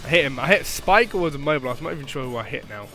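Young dude yelling at his game, bright voice that jumps all over, faint game music behind. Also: medium pitch, very fast. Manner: excitable, yelps and shouts at the game, swears often. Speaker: gaming commentator. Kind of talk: live gameplay commentary.

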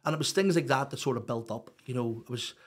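A middle-aged man talks through his past in a raw, confessional way. He stumbles, restarts and leans on fillers as the words come out. His pitch sits in an ordinary middle range. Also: fast talker. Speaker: podcast guest. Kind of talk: candid personal storytelling.

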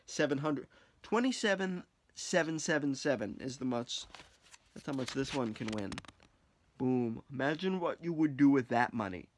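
A man vlogging casually as he scratches lottery tickets, joking, mocking himself and swearing freely. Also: mid-range voice.

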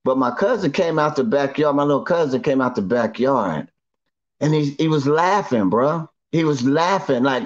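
A middle-aged man from Northern California tells his testimony in a loose, slangy, repetitive way, circling back and restarting lines as he goes. His voice sits at an ordinary middle pitch. The recording sounds a little dull and lo-fi. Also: lively intonation, normal speed. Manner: repetitive, slangy storyteller who restarts often. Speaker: guest giving a testimony. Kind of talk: emotional first-person storytelling.

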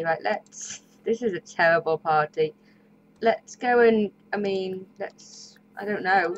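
A woman's voice: mid-range voice, a little hiss or hum. A woman hosting a let's play, giving casual, chatty commentary and talking to the characters on screen. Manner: chatty, talks to the game characters. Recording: slightly dull lo-fi audio.

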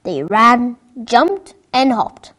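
A woman narrating a children's story in a clear, expressive read-aloud voice. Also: on the high side, extremely slow.

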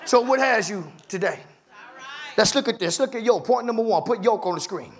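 A man preaching in a very high voice, his sermon plain-spoken and fervent. He swells into shouted and half-sung lines and keeps circling back to a repeated refrain. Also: lively intonation, a little fast. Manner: impassioned preaching, rising into shouts and sung phrases; colloquial, repeats "my God" as a refrain. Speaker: pastor.

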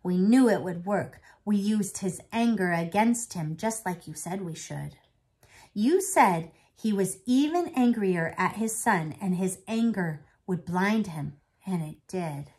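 A woman's voice: medium pitch, animated, slow pace, a little mellow. Woman reading a proud little girl twin, storybook, bouncy voice. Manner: eager storybook read-aloud voice.

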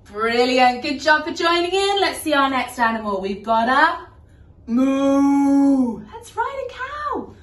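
A woman's voice: high voice, sing-song, normal speed, far from the mic. A woman teaching music to young children, singing nursery songs in an encouraging, sing-song way. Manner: sing-song, encouraging, soft whispering at the end. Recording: echoey room, voice from the mic.

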